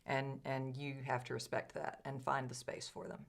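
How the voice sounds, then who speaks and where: A woman co-hosting a casual podcast, chatty and lively as she hands out advice. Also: a bass voice, normal speed, creaky. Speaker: podcast co-host; improviser. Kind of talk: casual chat.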